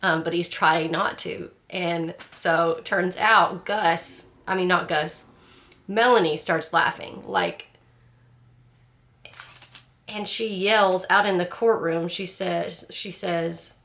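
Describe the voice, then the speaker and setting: A woman's voice: lowish voice, fairly even intonation, slow, a bit bright. A woman chatting casually about a book, rambling with lots of fillers and restarts in a frank, chatty way. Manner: frank and chatty, laughs at the story. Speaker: book club host.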